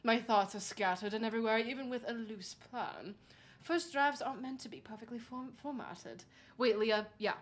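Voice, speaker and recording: A woman's voice: fairly high pitch, normal speed. A young woman streaming, chatting casually and reading chat aloud, saying "like" a lot and laughing often.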